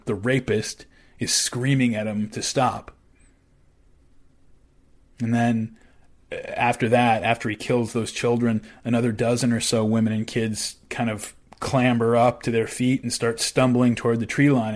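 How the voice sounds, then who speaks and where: A man narrates a history podcast at a middle pitch. He speaks in a measured, conversational way and often pauses with fillers and restarts.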